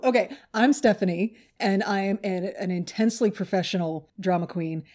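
A woman's voice: on the low side, a little fast, darkish tone. A woman hosting a podcast, casual and playful, often laughing at herself. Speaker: podcast host and storyteller. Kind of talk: casual podcast chat and narration.

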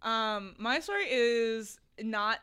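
A woman's voice: fairly high pitch, takes it slowly, bright, forceful tone, smooth. A woman guest on a comedy podcast, teasing the hosts in casual chat and giggling often.

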